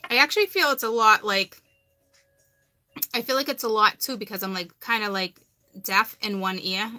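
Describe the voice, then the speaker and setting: A woman's voice: mid-range voice, pushed and bright. Chatty woman with a Massachusetts accent. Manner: rambling, chatty, repeats herself. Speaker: tarot card reader on a livestream. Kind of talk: casual live chat.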